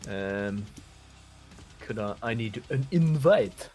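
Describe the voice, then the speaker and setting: A man casting a live online match, talking in a relaxed, chatty way and often restarting his sentences. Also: lowish voice, takes it slowly, faint music behind. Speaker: esports caster. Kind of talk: casual live game commentary.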